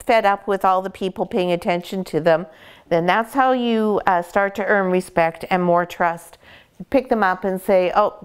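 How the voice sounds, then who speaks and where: A woman dog breeder calmly explaining puppy care, gently praising the dogs as she goes. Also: medium pitch, smooth. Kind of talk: instructional puppy-care talk.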